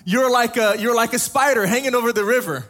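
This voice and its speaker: Guy doing an older liberian man w/ liberian accent, high voice, talks in deep-sounding one-liners. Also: fairly quick, a bit bright. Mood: amused.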